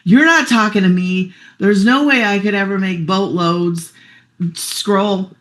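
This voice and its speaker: A heartfelt middle-aged woman telling her own story in a quick, chatty way. Her voice sits at an ordinary pitch, and at moments she fights back tears before pushing on. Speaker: guest sharing her story. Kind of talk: emotional personal testimonial.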